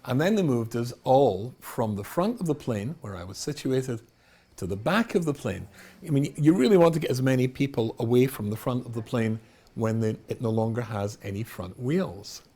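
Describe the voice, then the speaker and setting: A man's voice: medium pitch, animated, moderate pace, mellow, slightly rough. A middle-aged man, a rabbi, giving a humorous storytelling talk in a wry, self-mocking way, often laughing at his own jokes.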